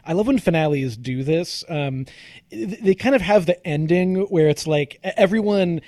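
A man's voice: fairly high pitch, expressive, normal speed, a little mellow, dry recording. A man co-hosting a casual TV chat, earnest and enthusiastic, often restarting his sentences. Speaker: podcast co-host.

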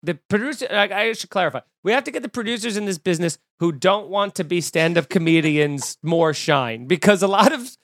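Brief: male podcast host, lively storyteller, high voice, dry close sound. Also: brisk, few pauses, dry recording. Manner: animated, acts out quoted voices. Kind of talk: casual chat. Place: home room.

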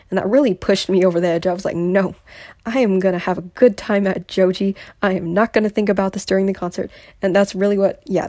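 A young woman talks openly and earnestly on her solo podcast, sharing her own experience. Her pitch sits in the middle of the range. The recording is dry, with no room sound. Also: warm tone, no room sound. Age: young adult. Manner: candid, earnest and confessional. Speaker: podcast host.

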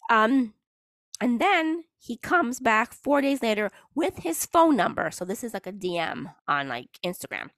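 Female podcast host, mid-pitch, dry close sound, sarcastic and laughing storyteller. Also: sing-song, a little slow, fairly bright tone, dry recording. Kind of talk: casual chat.

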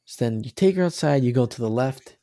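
A man co-hosting a casual podcast, rambling about a video game with animated, swearing talk and many restarts. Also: mid-range voice, fairly quick, no room sound, clean studio sound. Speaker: podcast co-host.

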